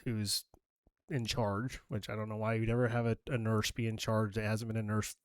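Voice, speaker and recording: A middle-aged man who works as a nurse, co-hosting a podcast and telling work stories in a casual, animated way, swearing freely and acting out what people said. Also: fairly low pitch, normal speed, smooth, no room sound, clean studio sound. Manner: animated storyteller, swears freely, acts out quoted dialogue.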